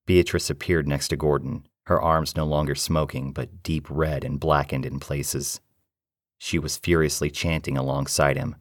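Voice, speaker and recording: Very deep man narrating horror. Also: no room sound, studio quality. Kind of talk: first-person horror story narration.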